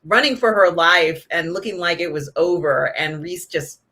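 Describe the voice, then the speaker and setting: A woman's voice: fairly low pitch, moderate pace, sharp tone. A woman co-hosting a casual show, chatting about a TV episode and retelling scenes. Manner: chatty, retells scenes with quoted lines and laughter. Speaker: co-host reviewing a TV episode. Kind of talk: casual chat.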